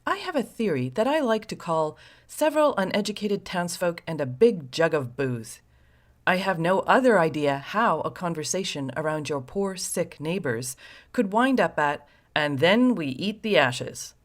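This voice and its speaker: A woman host narrating a scripted story with sardonic, wry asides to the listener. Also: fairly low pitch.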